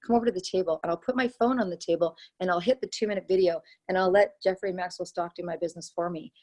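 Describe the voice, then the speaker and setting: A woman who is a network marketing leader, guest in an interview, telling stories in a lively way, acting out her own dialogue and repeating phrases for emphasis. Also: lowish voice, quick pace. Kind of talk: conversational interview storytelling.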